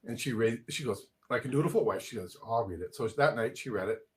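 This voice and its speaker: A man hosting a casual conversation, telling stories in an animated way and quoting himself and others. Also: mid-range voice, brisk. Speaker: host.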